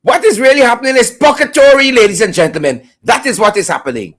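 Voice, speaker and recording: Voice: medium pitch, animated, quick pace, a bit bright. A host with a Guyanese accent giving mocking, sarcastic political commentary on a live stream, repeating points for emphasis.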